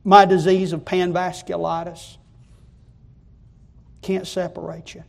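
A male preacher delivering a fervent sermon that keeps rising to loud, repeated climaxes. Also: high voice, level tone, slow pace, gravelly.

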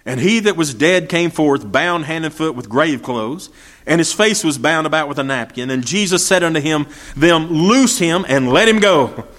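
A man delivers a sermon in a high voice. He talks in a folksy way, piles up rhetorical questions, and reads scripture aloud in old-fashioned English. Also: expressive, moderate pace, fairly bright tone. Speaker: preacher.

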